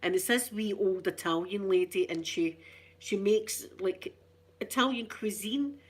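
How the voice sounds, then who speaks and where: A middle-aged Scottish woman talks in a relaxed, chatty ASMR style, drifting from one cheeky tale to the next. Her voice sits at a middle pitch, and she is quick to poke fun at herself. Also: breathy edge. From Scotland. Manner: cheeky, rambling, self-mocking storyteller. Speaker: ASMR channel host. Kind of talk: casual chatty ASMR talk.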